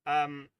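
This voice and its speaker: On his hobby livestream, a man yawns and sounds worn out as he rambles casually, pokes fun at himself, and reads viewer comments aloud. The recording has no echo.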